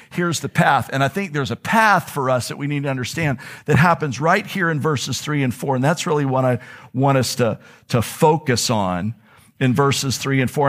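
A male pastor preaching a sermon to his congregation in a church, conversational, slowing down to stress key words. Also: a little high, a bit bright. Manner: conversational preaching, slows for emphasis. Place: church sanctuary.

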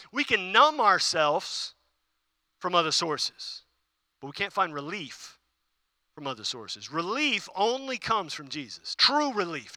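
A man's voice: a little high, sharp tone, dry recording, studio quality. A male pastor giving a conversational sermon, repeating key phrases and putting questions to the congregation.

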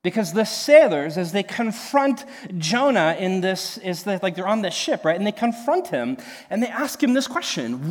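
A man's voice: high-pitched, very animated, moderate pace, long reverb tail. A young man from Nebraska, a pastor, telling a story in a sermon, chatty, with many fillers and restarts. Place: church.

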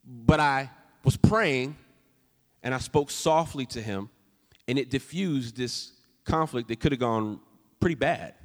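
A man preaching a sermon as pastor, swinging from loud emphatic lines to soft, hushed storytelling. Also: medium pitch, a little slow, pauses often, in a large hall. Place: church sanctuary.

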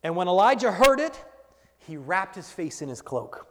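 A man preaching a sermon as pastor, moving between hushed whispers and loud shouted refrains. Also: high voice, big pitch swings, normal speed. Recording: long hall reverb.

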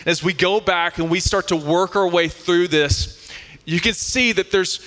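A male pastor preaches in a bright, forceful voice that sits somewhat high. He reads scripture and then explains it earnestly, doubling back on words as he goes. His voice rings through a large hall with a long, lingering reverb. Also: a little slow. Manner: earnest, emphatic, repeats words when restarting. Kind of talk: sermon with scripture reading.

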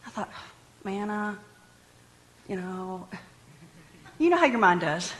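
Animated woman preaching in a reverberant hall. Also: medium pitch, slow pace, a little hiss or hum. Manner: lively, animated, jokes with the congregation. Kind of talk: sermon.

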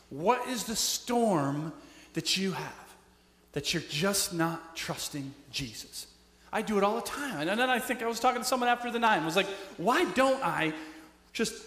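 High, bright-voiced man preaching in a hall. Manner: conversational preaching, asks the audience "right?" often; acts out quoted voices. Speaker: pastor. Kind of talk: sermon. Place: church sanctuary. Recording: echoey hall with long reverb.

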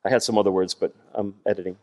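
A man preaching a sermon, animated, acting out voices as he explains a passage. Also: sits low, racing. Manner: animated, acts out voices of God and people. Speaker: guest preacher.

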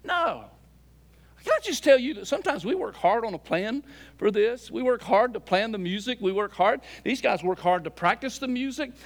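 A man preaching a sermon as a pastor, swinging between loud emphatic lines and soft, low asides. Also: animated, moderate pace. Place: church sanctuary.

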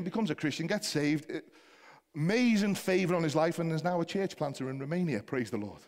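A man's voice: on the high side, animated, brisk, a little mellow, big-room sound. A man with a Liverpool accent preaching a sermon to his church, building to emphatic, passionate exhortation. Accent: Liverpool (Scouse). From Liverpool, England. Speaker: pastor. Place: church hall.

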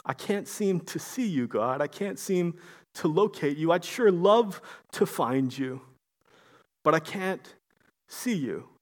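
An earnest sufferer calls out to a God he cannot find, as a preacher puts him on. The voice sits high and pleads, stumbling over repeated words. It stays close to an everyday speaking voice. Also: big pitch swings, unhurried, long pauses, fairly bright tone, husky, full character voice. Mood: pleading.

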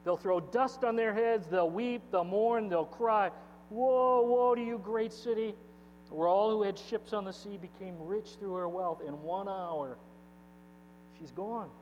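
A man's voice: high-pitched, a little slow. A man preaching a sermon, reading scripture aloud and pressing the lines home with sudden bursts of force. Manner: expository preaching, reading scripture aloud with emphatic swings in loudness. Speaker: pastor. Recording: dull echoey hall with mains hum.

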